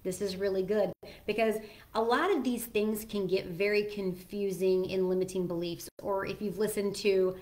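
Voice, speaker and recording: A woman's voice: medium pitch, fairly even intonation, normal speed, a little mellow. A woman hosting a casual solo talk, chatty and earnest, with frequent ums and self-corrections. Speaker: host sharing personal advice.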